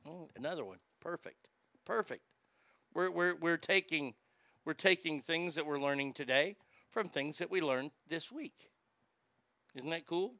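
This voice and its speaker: A man's voice: a little high, a little slow, long pauses, no room sound. A man streaming casually, mocking etiquette advice with a crude, sarcastic, profane manner. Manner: animated, jumps into loud shouts. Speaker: streamer reacting to etiquette tips.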